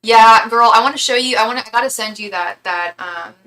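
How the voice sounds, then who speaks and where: A woman's voice: fairly high pitch, fairly quick, bright, forceful tone, low-quality recording. A young woman hosting a livestream, chatting casually with viewers in a gushing way, full of fillers and restarts. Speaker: tarot reader and psychic livestream host. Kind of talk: casual livestream chat reading comments.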